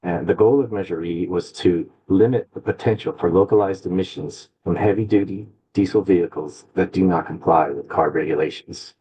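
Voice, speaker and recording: A man walks through a slide presentation over a video call, pausing and restarting as he goes. His voice is low, mellow and a little husky. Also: rough recording. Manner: halting, with restarts and fillers. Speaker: agency staff presenter. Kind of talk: slide presentation at a public meeting. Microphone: computer mic on a video call.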